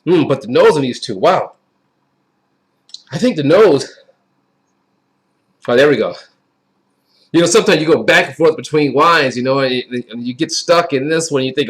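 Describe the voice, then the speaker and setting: A man's voice: fairly high pitch, animated, normal speed, pauses often. A man giving a casual, chatty wine review in a folksy way that often repeats itself. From Wisconsin.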